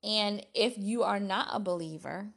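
Slow-talking woman hosting a solo podcast. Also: mid-range voice, gravelly, a bit bright. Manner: slow, chatty and self-deprecating, with laughs and restarts. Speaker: podcast host. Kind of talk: casual solo podcast talk.

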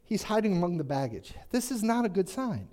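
A man's voice: high-pitched, very animated, fairly quick, mellow. A man preaching a conversational sermon, chatty and joking, asking the congregation questions. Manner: chatty, asks the congregation questions, jokes in asides.

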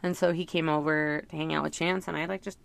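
A woman's voice: sits low, fairly even intonation, fast, vocal fry, clean tone, no echo. A middle-aged woman talking through her thoughts in a casual, rambling, reflective monologue, full of fillers. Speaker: parent sharing reflections.

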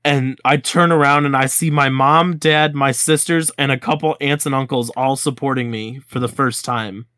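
Here a young podcast co-host in his twenties shares a school anecdote casually, bringing the quoted dialogue to life as an animated storyteller. His mid-range voice moves at normal speed with hardly any pauses, captured in echo-free studio quality.

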